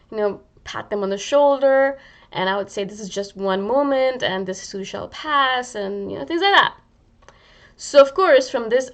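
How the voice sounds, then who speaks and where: A woman vlogger talking casually and reflectively to her viewers, often saying "you know" and acting out her own inner voice. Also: mid-range voice. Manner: conversational, many "you know" fillers, acts out inner dialogue. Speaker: spiritual vlogger.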